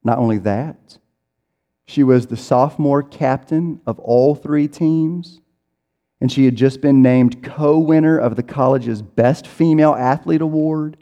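A man's voice: medium pitch, unhurried, mellow, highs cut off. A man preaching a sermon in a conversational way, acting out people's inner voices as he goes. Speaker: pastor. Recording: reverberant hall.

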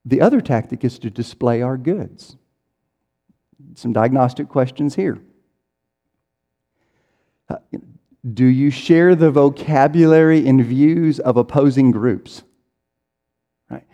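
A man's voice: mid-range voice, measured pace, pauses often, dark tone. A man preaching a sermon in a conversational way, acting out people's inner voices as he goes. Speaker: pastor. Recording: reverberant hall.

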